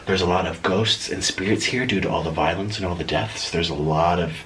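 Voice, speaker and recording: A man's voice: low voice, brisk, noisy background. A man telling a story in a casual vlog while eating noodles at home at night. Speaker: vlogger.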